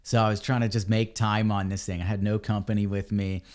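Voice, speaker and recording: A man, a podcast guest, telling a story in a casual, animated way and calling people dude and man. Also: fairly low pitch, fairly quick. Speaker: podcast guest, ebike company cofounder.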